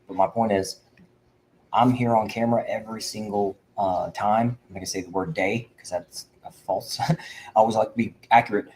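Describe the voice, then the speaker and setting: On his livestream for veterans, an Indiana host preaches fervently and rambles, restarting often. His voice is on the low side and a little mellow, with fairly even intonation and a moderate pace. The recording is rough, with slight background noise.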